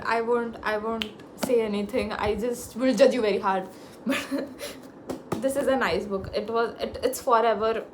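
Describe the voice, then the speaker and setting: A young woman, talking casually about books in an excitable, gushing way with sudden pitch jumps and frequent laughter. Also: a little hiss or hum. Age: young adult. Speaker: book vlogger. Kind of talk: casual book review chat.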